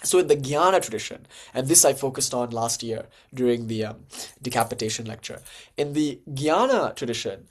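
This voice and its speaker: A man delivering a relaxed, informal spiritual lecture at a mid-range pitch. His talk is loose and conversational, with frequent fillers. He keeps it animated, with sudden lively bursts of emphasis. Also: moderate pace. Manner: animated, jumps to lively acted-out dialogue. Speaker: lecturer on Hindu tantra and philosophy.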